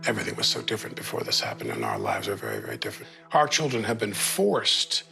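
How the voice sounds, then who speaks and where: An older man in his sixties with a low, gravelly voice. He speaks haltingly and wearily, repeating himself as he searches for words. Clear music runs beneath his voice. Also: huge pitch swings, bright, forceful tone. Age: 60s. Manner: heavy, halting, weary. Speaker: actor in a reality show. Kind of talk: confessional interview. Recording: music bed under voice.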